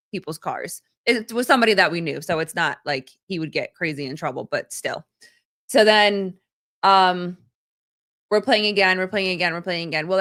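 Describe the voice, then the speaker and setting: A woman co-hosting a casual live call-in stream, telling a family story in a relaxed way with plenty of fillers. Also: lowish voice. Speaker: co-host.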